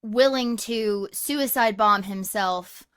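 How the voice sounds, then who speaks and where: A woman's voice: mid-range voice, slow pace, clear, resonant tone. A woman co-hosting a podcast, chatting casually and animatedly about a movie, swearing freely. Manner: animated, swears, laughs easily. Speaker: podcast co-host. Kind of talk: casual movie review chat.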